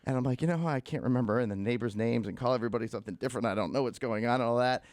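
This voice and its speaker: A man co-hosting a morning radio show, telling a story in an animated way and acting out the people in it. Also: medium pitch, very fast, dry recording, clean studio sound.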